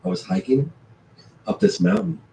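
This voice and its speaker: Animated man telling a story in a roomy space. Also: high-pitched, moderate pace, gravelly. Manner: animated storyteller, acts out his own past thoughts. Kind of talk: casual storytelling chat. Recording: roomy, distant mic with faint ambient noise.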